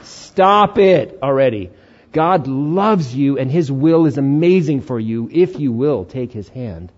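A middle-aged man preaching a sermon as a pastor, animated, acting out inner voices and God's replies. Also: mid-range voice, slow, highs cut off.

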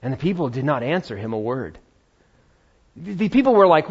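A man preaching a sermon, retelling a Bible story with lively acted-out voices. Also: fairly high pitch, fairly quick, long pauses, breathy edge, highs cut off. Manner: animated storytelling, acting out biblical voices. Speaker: pastor.

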